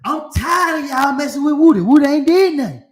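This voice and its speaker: A man's voice: lively intonation, brisk. A man doing a yelping angry dog. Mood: outraged. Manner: yelping, high and loud. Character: protective angry male dog. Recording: roomy echo.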